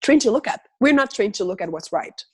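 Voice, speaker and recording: A woman's voice: mid-range voice, lively intonation, a little fast, a little mellow, husky. A woman speaking as a guest facilitator in a conversational video call, reflective and full of questions, acting out inner voices.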